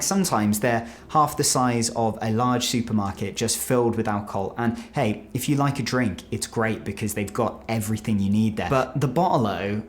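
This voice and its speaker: A British man talking casually to camera, explaining words in a chatty, animated way with quick asides. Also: lowish voice. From United Kingdom. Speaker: video creator explaining slang.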